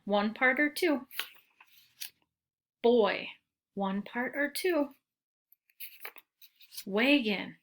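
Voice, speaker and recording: Young woman teacher, bright, clear tone, slow, patient delivery for small kids. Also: mid-range voice. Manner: slow, patient, drawn-out words for young children. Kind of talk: recorded early-grade phonics lesson.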